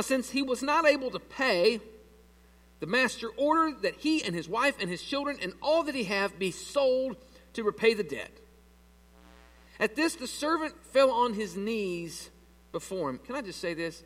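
High-pitched preacher guy, keeps asking the church questions, big echoey sanctuary. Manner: animated, asks the congregation questions. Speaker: pastor. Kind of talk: sermon. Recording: long reverb of a large hall.

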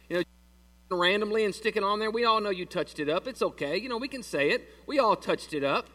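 High-voiced pastor, folksy. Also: male voice, fairly bright tone, far from the mic. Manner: folksy, joking, plainspoken. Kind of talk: sermon. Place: church sanctuary.

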